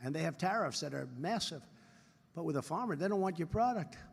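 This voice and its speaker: A man's voice: on the high side, expressive, brisk, vocal fry, husky. Boastful older American man in a big hall. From United States. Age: 70s. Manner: repetitive, boastful, digressive asides to the crowd. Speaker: politician giving a speech. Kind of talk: public speech with off-script asides. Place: large convention hall, on stage. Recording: long reverb of a big hall.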